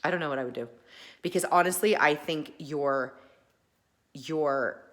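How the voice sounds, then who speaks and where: A woman talking in an impassioned personal monologue, emphatic and folksy, often restarting and swinging between loud and soft. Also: sits low, unhurried. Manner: folksy mild swearing. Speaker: podcast host.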